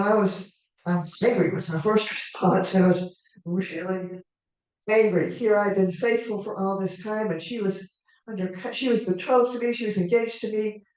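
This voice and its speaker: Woman storyteller at a live show, soft mellow voice, talking it through in character, lots of room echo, mic kinda far. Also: mid-range voice. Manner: unhurried, conversational, with asides to the audience. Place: live performance venue. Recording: echoey hall, mic far off.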